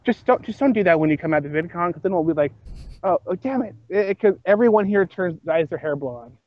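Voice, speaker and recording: Higher voiced podcast guy, stammery and jokey, dry dull sound. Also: lively intonation, quick pace, dry recording. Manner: stammering, joking. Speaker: podcast co-host. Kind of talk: casual chat.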